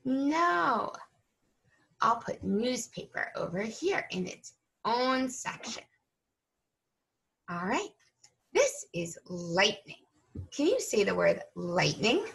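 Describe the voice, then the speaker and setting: A woman teacher leading an early-reading lesson for young children, slow and patient, stretching out each sound. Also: on the high side, big pitch swings, creaky, fairly bright tone.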